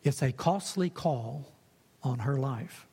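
A man's voice: medium pitch, expressive, slow, dark tone, breathy edge. A man preaching a sermon in an earnest way, repeating key phrases for emphasis. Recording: long reverb of a hall.

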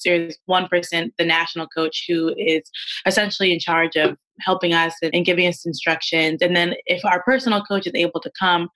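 A young woman in her twenties, a medical student and fencer, talking earnestly as a podcast guest and getting animated when she quotes others. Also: on the low side, low-quality recording. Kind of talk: casual interview chat.

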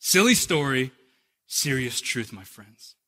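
A man preaching a sermon as a pastor, an animated storyteller who shifts from humor to earnest teaching. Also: mid-range voice, slow, slightly rough.

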